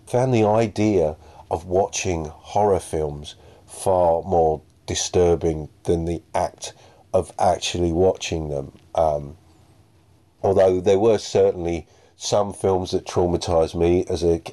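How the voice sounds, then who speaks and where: A man's voice: low-pitched, steady tone, slow, warm tone. A man hosting a podcast, chatting casually and a bit self-deprecatingly about listener messages. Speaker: podcast host.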